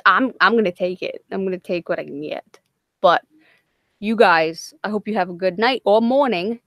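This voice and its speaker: This is a woman hosting a casual livestream deep into the night. She sounds tired and loopy, swears freely, laughs a lot and rambles. Her voice is of average pitch, recorded close with almost no room sound. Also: no echo. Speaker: livestream host.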